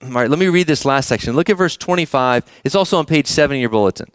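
A man's voice: medium pitch, expressive, fast, clean tone, dry recording, clean studio sound. A man preaching a sermon as the church's pastor, talking conversationally and often asking the congregation questions.

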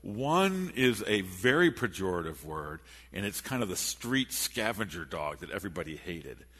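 A man preaching a sermon in a church, animated and storytelling, with frequent restarts. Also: low voice, moderate pace. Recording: echoey hall.

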